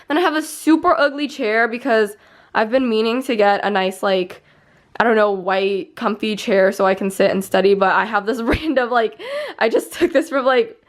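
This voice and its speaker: A woman's voice: on the high side, moderate pace. Chatty young woman giving a room tour. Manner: chatty, rambling, heavy use of "like". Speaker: vlogger. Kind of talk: casual room tour vlog. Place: bedroom, indoors.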